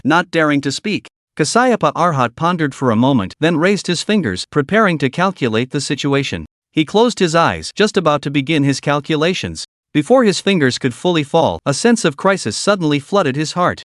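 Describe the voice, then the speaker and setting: Lively male recap narrator. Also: on the high side, dry recording, studio quality. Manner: dramatic storytelling. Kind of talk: scripted narration.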